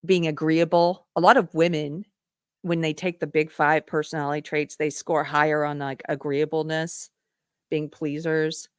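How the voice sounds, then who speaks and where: A woman host speaking in an earnest, conversational manner, often doubling back and restarting her sentences. Her voice sits a little low. The sound is close and dry, with no room echo. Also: little pitch movement, normal speed, clean tone. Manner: earnest storytelling, lots of restarts. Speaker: podcast host. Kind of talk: casual live-stream monologue.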